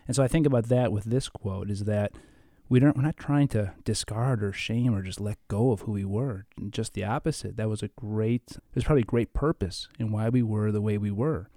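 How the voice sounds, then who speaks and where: A man's voice: fairly low pitch, normal speed, mellow, no echo, studio quality. A man in his thirties, a therapist and co-host, explaining ideas in a thoughtful podcast chat.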